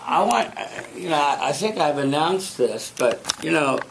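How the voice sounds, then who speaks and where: A man's voice: a little high, moderate pace, gravelly. Chatty male instructor in noisy classroom. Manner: chatty, digressive, animated asides. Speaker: debate instructor. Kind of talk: classroom feedback.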